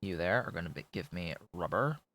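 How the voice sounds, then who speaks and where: A man's voice: deep voice, animated, brisk, fairly bright tone. A man streaming a game, muttering offhand, dry remarks to himself as he builds. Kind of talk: casual gameplay commentary.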